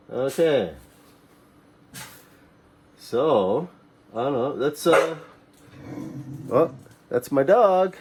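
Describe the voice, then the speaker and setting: A man teaching a children's English reading lesson, reading short phrases slowly and clearly for the class to repeat. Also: medium pitch, a little mellow.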